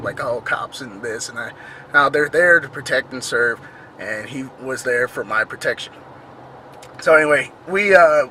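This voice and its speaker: A man vlogger casually telling a story, animated and acting out the dialogue he quotes. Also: mid-range voice, slight background noise.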